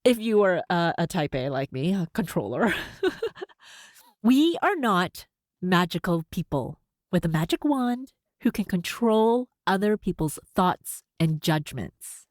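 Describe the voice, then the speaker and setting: Lively woman podcaster with a slight lisp. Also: on the low side, unhurried, dry recording, studio quality. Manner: upspeak at sentence ends, frequent laughs. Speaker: podcast host. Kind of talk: solo podcast talk.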